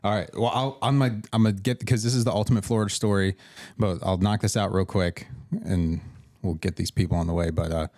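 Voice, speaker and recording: Low-voiced man telling a rambling story. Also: fairly even intonation, brisk, few pauses, darkish tone, no echo, studio quality. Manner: rambling, profane, restarts sentences. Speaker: podcast guest, emergency responder. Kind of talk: casual storytelling.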